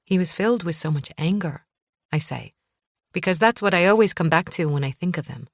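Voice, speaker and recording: A woman narrating a first-person thriller audiobook in a calm, measured way. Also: on the low side, no echo, clean studio sound.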